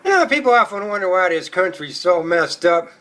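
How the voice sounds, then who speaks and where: Brisk and lively in intonation, a man with a high, bright, sharp voice works through a stand-up set. His material is crude and profane, and he tells it in a rowdy storytelling style.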